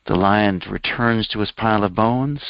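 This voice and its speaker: A man's voice: normal speed, clear, resonant tone, no echo, highs cut off. A man, a spiritual teacher, telling a parable in a sermon and lifting his voice for the characters' lines. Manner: animated storyteller, voicing characters with raised pitch. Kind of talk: storytelling sermon.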